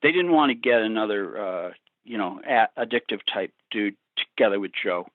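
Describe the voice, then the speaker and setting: A man who is a rock singer and author, telling stories in a relaxed, rambling way during a remote interview. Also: fairly low pitch, moderate pace, no echo. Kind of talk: remote interview over a call. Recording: thin phone-like line.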